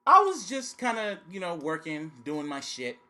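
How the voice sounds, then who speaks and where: A man hosting a podcast in casual chat, telling stories in an animated, profane way. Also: high-pitched, normal speed. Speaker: podcast host.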